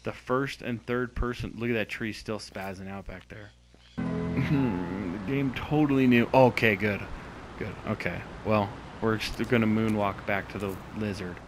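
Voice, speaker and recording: A man's voice: on the low side, steady tone, measured pace, over music, poor audio. A young man giving casual, exasperated commentary on a game he is playing, swearing and mocking its glitches. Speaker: gameplay commentator.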